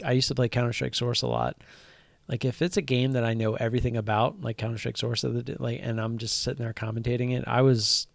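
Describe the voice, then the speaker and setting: A man's voice: mid-range voice, vocal fry, darkish tone, no echo. A man hosting a casual stock trading live stream, rambling with frequent fillers and restarts.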